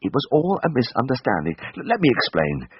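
A man reading aloud, voicing a panicky young man who talks in quavering, hurried bursts, in a slightly dull recording. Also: medium pitch, wildly swooping pitch, breathy edge, no echo, pitched above the performer's own voice, exaggerated voice. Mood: nervous.

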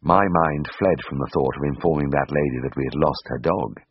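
A man reading a first-person story aloud in a measured, dryly expressive way, in a slightly dull recording. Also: a bass voice. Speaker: audiobook narrator.

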